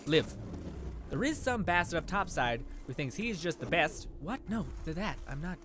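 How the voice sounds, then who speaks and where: A young man giving casual, excitable gameplay commentary, swearing a lot and yelling at enemies as he plays. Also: fairly high pitch, moderate pace, background noise. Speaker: let's play gamer.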